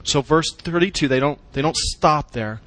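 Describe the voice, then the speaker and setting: A man's voice: fairly high pitch, moderate pace, fairly bright tone, no echo. A man preaching a sermon, emphatic, using short punchy phrases and asking the congregation questions. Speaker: pastor.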